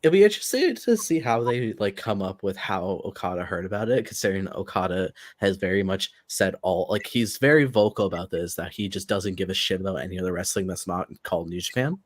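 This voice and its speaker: Low-voiced chatty podcast man. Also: animated, brisk, few pauses, dry recording. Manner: laughing, acts out quoted lines. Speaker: podcast co-host. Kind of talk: casual chat.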